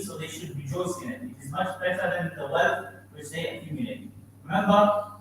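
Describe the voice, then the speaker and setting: Man, preacher, quizzes listeners, recites Arabic, very reverberant room, faint hiss. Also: high-pitched. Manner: asks the audience questions, quotes Arabic verses. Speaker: imam giving a talk. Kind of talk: interactive Islamic lecture. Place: mosque hall. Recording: very echoey hall from far off.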